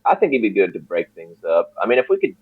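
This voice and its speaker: A man's voice: deep voice, very animated, fast talker, husky. A man playing a tabletop game, speaking casually and hesitantly, repeating words as he thinks. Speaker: player. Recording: dry dull lo-fi mic.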